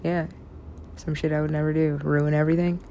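A woman's voice: deep voice, little pitch movement, fairly quick, mellow. A young woman chatting casually and rambling about stories she has written, laughing often and swearing freely. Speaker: writer describing her own stories.

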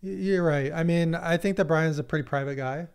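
Soft-spoken male guest, hesitant storyteller, slightly higher voice. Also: fairly quick, clear, resonant tone. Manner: hesitant, many fillers and restarts, soft-spoken. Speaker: podcast guest. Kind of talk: casual storytelling.

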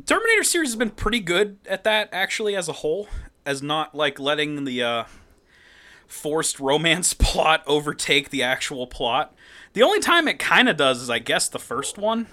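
A man's voice: on the high side, sing-song, normal speed, pushed and bright. A man co-hosting a casual movie-review podcast, sarcastic and swearing freely as he recaps scenes. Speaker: podcast co-host.

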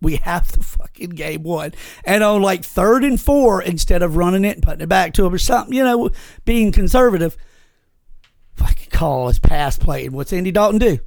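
A man's voice: high-pitched, normal speed, vocal fry, dry recording. A man co-hosting a podcast, telling a story in casual chat with lots of swearing. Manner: animated storytelling, heavy swearing. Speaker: podcast co-host.

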